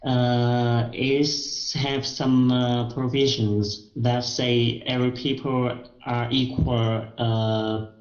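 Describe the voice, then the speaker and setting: Slow, halting man learning English. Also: mid-range voice, little pitch movement. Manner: slow and halting, with many "uh" pauses. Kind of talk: reading aloud and answering a tutor. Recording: roomy, muffled lo-fi recording.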